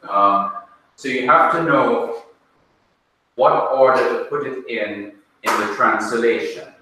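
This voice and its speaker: Slow, deliberate Jamaican teacher in echoey room. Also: male voice, mid-range voice, noisy background. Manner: slow, deliberate, checks students with questions. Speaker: Bible teacher. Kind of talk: classroom lecture. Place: classroom. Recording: echoey room, mic far off.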